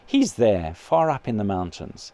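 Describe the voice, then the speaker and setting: A calm, kindly male spirit, read by a man, speaking in an earnest, patient voice that still rises and falls a lot. Close and dry. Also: on the low side, measured pace, dry recording, pitched below the performer's own voice, full character voice. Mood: gentle. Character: patient gentle male spirit, her brother.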